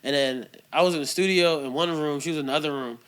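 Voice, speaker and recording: Man, comedian guest, high voice, bright tone, animated storytelling, casual chat. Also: fast, clear, resonant tone. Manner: animated storytelling, laughs often.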